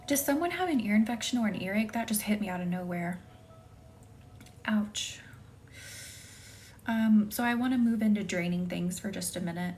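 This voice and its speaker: A young woman hosting a live Reiki stream, chatting casually with viewers by name and often dropping into a soft whisper. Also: medium pitch, moderate pace, a little hiss or hum. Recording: faint music behind.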